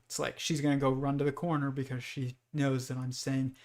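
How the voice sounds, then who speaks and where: A man's voice: mid-range voice, flat delivery, moderate pace, a little mellow. A man hosting a livestream, talking through ideas in a loose, rambling monologue full of restarts and fillers. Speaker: host.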